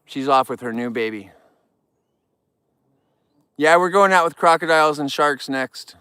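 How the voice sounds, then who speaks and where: A man's voice: a little high, a little slow, pushed and bright, clean tone, dry recording. A man hosting a casual live vlog outdoors, talking straight to viewers in an upbeat, rambling way. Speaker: outdoor livestream host. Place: outdoors in the wild.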